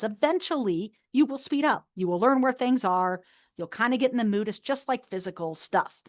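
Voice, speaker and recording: A woman in her thirties, a university enrollment advisor, giving a casual, encouraging recorded orientation talk with many fillers and restarts. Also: a little high.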